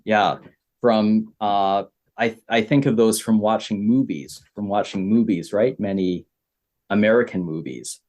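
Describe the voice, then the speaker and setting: A Canadian man teaching beginner English, repeating simple phrases with many pauses. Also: lowish voice, a little mellow. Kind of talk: slow, simple explaining for beginner learners.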